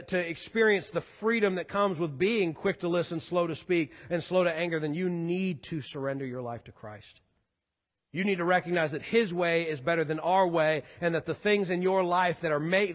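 A man preaching a sermon as pastor, earnest, rising to fervent emphasis and sinking low again. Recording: long hall reverb.

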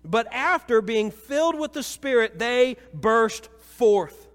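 A pastor from Missouri, married with children, preaching a sermon in a church, moving between lively storytelling and low, solemn appeals. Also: male voice, slow pace. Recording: reverberant church hall.

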